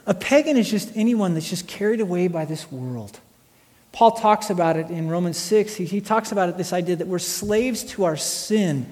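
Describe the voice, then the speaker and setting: A man in his late thirties preaching a sermon, telling stories with animation and swinging between loud and hushed delivery. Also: high-pitched, expressive, fairly quick. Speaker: pastor. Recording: long hall reverb.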